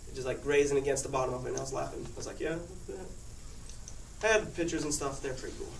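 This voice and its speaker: With a medium-pitched, fairly even male voice, vocal fry, and a quick pace, a teenage boy laughs often while rambling through a personal story for his class. The recording is noisy and echoey, taken from a far-off microphone.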